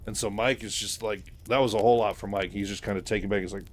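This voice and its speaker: A man walks through a story recap in a loose, chatty way, stacking fillers and asides and laughing at his own remarks. His voice sits on the low side. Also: fairly even intonation, fast, few pauses. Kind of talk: casual retelling of a story.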